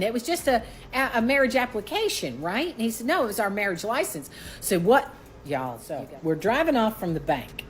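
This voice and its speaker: A woman, telling a personal story casually and acting out what each person said. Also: slight background noise. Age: 60s. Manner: animated, acts out quoted voices with rising pitch.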